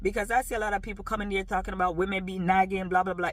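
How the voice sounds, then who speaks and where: A woman's voice: medium pitch, steady tone, rapid-fire, a bit bright, dry recording. A woman with a light Jamaican accent, talking frankly and emphatically in a personal vlog, with many "you know" fillers. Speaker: vlogger.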